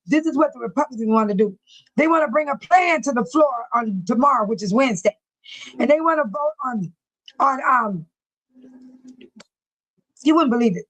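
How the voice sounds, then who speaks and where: A woman's voice: on the high side, no room sound, low-quality recording. An older woman hosting a casual livestream, reading out chat comments with frequent laughs. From United States. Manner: chatty, laughs often, calls herself by her channel name. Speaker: livestream host.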